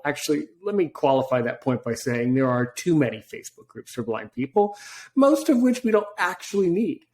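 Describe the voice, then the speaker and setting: A man's voice: fairly high pitch, darkish tone. A man hosting a podcast interview, talking in a rambling way with tangents. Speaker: podcast host. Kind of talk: casual interview chat.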